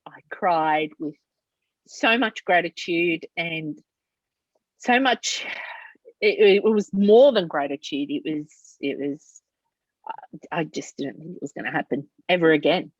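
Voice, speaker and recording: A woman's voice: deep voice, unhurried, pauses often, a bit bright, no room sound, lo-fi sound. A woman author being interviewed over a video call, telling stories animatedly and acting out dialogue. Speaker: author guest. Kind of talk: casual interview chat.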